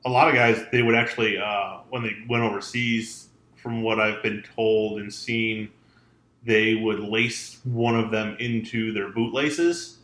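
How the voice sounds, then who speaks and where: A man's voice: fairly low pitch, fairly even intonation, unhurried, fairly bright tone. A man co-hosting a podcast, telling stories in laid-back, profane casual chat. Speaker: podcast co-host. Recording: echoey room.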